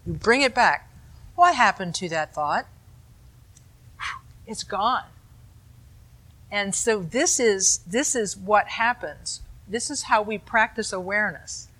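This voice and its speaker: A woman teaching meditation in a calm dharma talk, her voice bright and clear. She explains patiently and turns to her listeners with easy asides. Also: mid-range voice.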